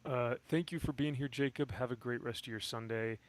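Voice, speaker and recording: A man's voice: medium pitch, steady tone, brisk. A man guest on a livestream, talking in an easygoing, rambling way with chuckles. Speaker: guest streamer. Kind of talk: casual chat on a livestream.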